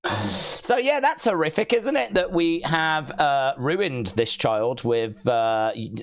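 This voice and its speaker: A man's voice: fairly high pitch, sing-song, slow. A man hosting a live stream, chatting casually, reading viewer comments aloud and playfully mock-scolding viewers he calls kids.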